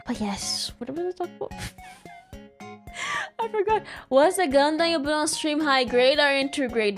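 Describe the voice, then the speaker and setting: A woman streamer chatting casually, giggling often as she tells a rambling story with false starts. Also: high-pitched.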